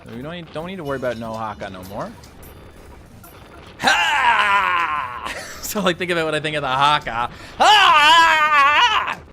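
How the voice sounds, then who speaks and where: A young man commentates his game casually in a bright, forward voice. His pitch swings widely as he chats straight to viewers and rants in good humor, with soft game music playing underneath. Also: very fast, hardly any pauses. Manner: chatty, animated, talks to viewers, rants playfully. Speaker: gaming YouTuber.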